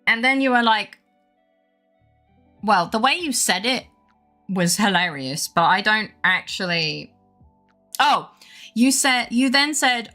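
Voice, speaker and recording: Woman streamer, bright tone, rambling storyteller, faint music underneath. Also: fairly high pitch, slow, long pauses. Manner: rambling animated storytelling, laughing. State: unwell with brain fog. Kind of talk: casual chat with live chat.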